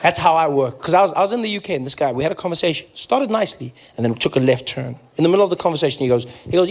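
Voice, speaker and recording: A man's voice: a little high, racing, few pauses. A man from South Africa with a South African accent, performing a playful stand-up comedy set and acting out characters. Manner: animated, playful, acts out characters.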